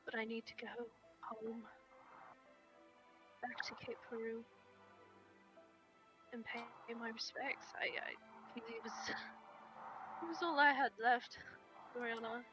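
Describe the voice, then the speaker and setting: A woman voicing a grieving, guarded young woman adventurer in a soft, near-whispered manner, as whispered role-play. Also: fairly high pitch, steady tone, unhurried, pauses often, muffled recording, over music, natural voice. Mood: troubled.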